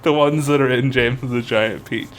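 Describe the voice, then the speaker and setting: A man co-hosting a casual podcast chat, animated and laughing, slipping into silly voices. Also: medium pitch, normal speed, a little hiss or hum. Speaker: podcast co-host.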